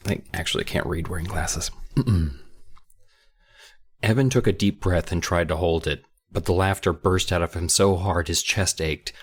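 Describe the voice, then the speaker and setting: A man's voice: deep voice, moderate pace, slightly rough. A man co-hosting a podcast, chatting jokingly and reading a book aloud. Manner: animated, jokey. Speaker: podcast co-host.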